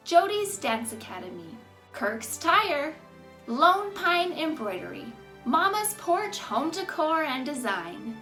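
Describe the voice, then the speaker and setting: A woman host with a high, bright voice reads the closing thanks and a long list of sponsors. Her delivery is upbeat and scripted, and faint music plays underneath. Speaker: show host. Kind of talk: scripted announcement.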